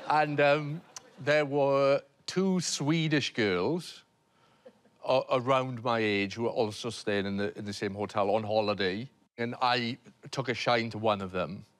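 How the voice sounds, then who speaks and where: A man's voice: mid-range voice, slow. A Welsh man telling an embarrassing story on a comedy panel show, hesitant and self-deprecating, with many fillers and restarts. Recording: noisy TV studio recording.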